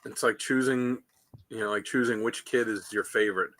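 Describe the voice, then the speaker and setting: A man's voice: on the low side, steady tone, normal speed, fairly bright tone, no room sound. A man co-hosting a casual talk show, rambling through stories and acting out quotes. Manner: rambling, storytelling, acts out quotes. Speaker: podcast co-host. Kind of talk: casual chat.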